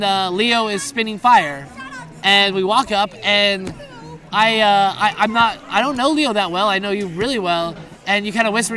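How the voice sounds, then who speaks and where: A man's voice: high voice, bright, forceful tone. A man giving a rambling, anecdotal wedding toast outdoors, laughing as he tells a story and mimicking voices in the quotes.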